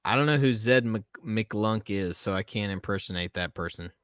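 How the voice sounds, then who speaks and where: Chatty laughing guy hosting a live stream, swears a lot, bright dry voice. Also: fairly low pitch, moderate pace, clear, resonant tone, no room sound. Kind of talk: casual live-stream chat.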